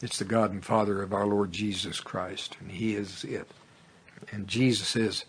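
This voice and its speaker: Husky, fervent male preacher. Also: fairly low pitch, steady tone, moderate pace. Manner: fervent, rising to exclamations, tongues. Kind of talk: sermon.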